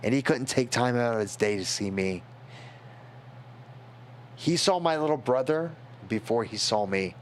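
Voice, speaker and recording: A tipsy young man tells a personal story on a stream, in a rambling, halting way with many restarts. His voice sits in a middle pitch, and he gets emotional as he talks. A faint noise hums behind him.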